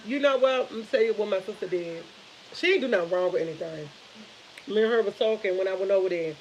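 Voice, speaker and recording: A woman's voice: mid-range voice, quick pace, a little mellow, highs cut off, a little hiss or hum. A woman chatting casually on a live stream, rambling and retelling conversations with family. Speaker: vlogger.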